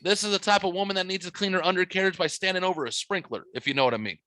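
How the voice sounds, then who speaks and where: A man's voice: high voice, racing, sharp tone, no room sound. A man hosting a podcast, telling a story in casual chat with crude language and quoted voices. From Midwest United States. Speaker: podcast host.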